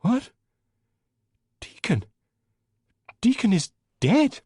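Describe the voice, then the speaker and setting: A man's voice: big pitch swings, drawn-out words, darkish tone, slightly rough, full character voice. A man voicing a dramatic, tearful middle-aged woman neighbour who wails and sobs in an audiobook. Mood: wailing. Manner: shrill, wailing sobs. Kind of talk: audiobook character voice.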